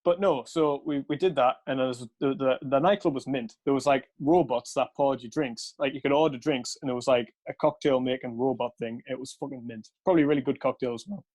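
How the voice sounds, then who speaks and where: Young guy rambling through a story, swears a lot, lots of ums and laughs, mid pitch. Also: a little fast, hardly any pauses, a little mellow. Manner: rambling, laughing, swears freely, many fillers. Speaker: podcast co-host. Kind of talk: casual storytelling chat.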